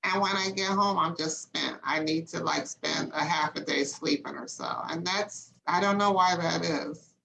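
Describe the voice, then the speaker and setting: A woman's voice: sits low, moderate pace, creaky, a bit bright, low-quality recording. A woman hosting a group video call, chatting and then thanking everyone as she wraps up. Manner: friendly wrap-up, thanks attendees. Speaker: host.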